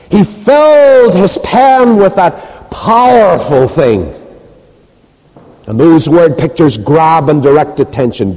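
A man preaching a sermon with emphatic, rhetorical delivery, then dropping soft and low as he leads a prayer. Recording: reverberant hall.

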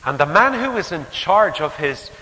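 A man preaching a sermon, telling a story in an animated way and acting out the conversations. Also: sits high, normal speed, a little hiss or hum. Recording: hall reverb with faint ambience.

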